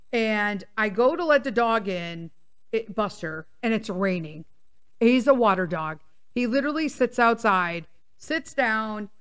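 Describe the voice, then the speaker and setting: A woman's voice: medium pitch, clean tone. A woman hosting a casual talk show, telling a rambling story and swearing freely as she rants. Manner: profane, animated ranting; rambling with restarts and asides. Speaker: podcast host.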